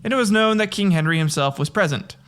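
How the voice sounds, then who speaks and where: Guy doing a history podcast, kinda high voice, swears a lot and cracks jokes between reading. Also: fast, a bit bright, clear, resonant tone. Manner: profane, joking, reads from notes with slips and laughs. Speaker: podcast host. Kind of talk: casual history podcast retelling.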